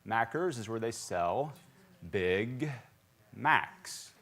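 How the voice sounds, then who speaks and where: A pastor raised in South Carolina preaches in a church sanctuary, his voice on the low side with drawn-out words. He's lively and joking, quizzing the congregation as he goes.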